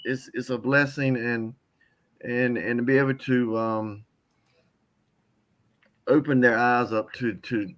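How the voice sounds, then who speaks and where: A man's voice: mid-range voice, fairly even intonation, fairly bright tone. Tearful older man giving a testimony. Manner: heartfelt, repeats words, halting. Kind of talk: emotional testimony.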